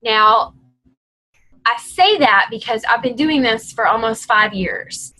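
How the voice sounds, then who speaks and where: Bright-voiced woman leading a coaching call. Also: fairly high pitch, takes it slowly, rough recording. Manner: direct, encouraging and chatty. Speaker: team leader coaching her team.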